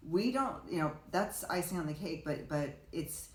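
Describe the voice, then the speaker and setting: A woman's voice: on the low side, animated, normal speed. A woman talking casually as a podcast guest, a rambling storyteller who restarts often and acts out quotes. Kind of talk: casual conversation. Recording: roomy echo.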